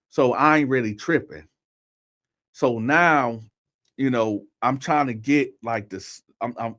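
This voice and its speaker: A man telling a personal story in a casual, conversational way, often talking straight to his listeners and checking in with "right?". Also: mid-range voice. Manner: conversational, addresses listeners directly, repeats "right?".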